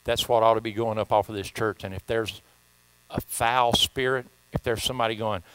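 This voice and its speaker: Southern preacher guy, joking around and repeating himself, really bright clean voice. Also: lowish voice, fairly even intonation, normal speed, clean tone, no echo, poor audio. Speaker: pastor. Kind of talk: sermon.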